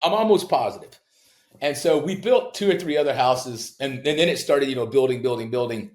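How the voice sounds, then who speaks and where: A middle-aged man in a podcast chat, telling lively builder stories with a middle-pitched voice. He mimics the people in his tales with sudden high jumps in pitch. His voice sounds roomy, with echo from the room. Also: fairly quick. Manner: animated storyteller who acts out quoted people with big jumps in pitch. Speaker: home builder, podcast guest. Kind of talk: casual storytelling in a podcast interview.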